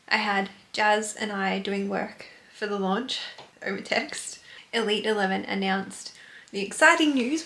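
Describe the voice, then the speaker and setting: A young Australian woman chats to the camera at home in a quick, upbeat vlog voice. Her tone is bright and a touch high, and the room around her rings with echo. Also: a little hiss or hum. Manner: chatty, upbeat. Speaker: vlogger. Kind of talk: casual vlog chat.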